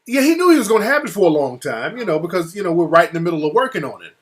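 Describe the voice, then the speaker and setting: A man talking casually as an interview guest, telling a profane, animated story that gets heated. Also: high-pitched, racing, few pauses. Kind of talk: casual phone-style conversation. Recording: call audio cutting out.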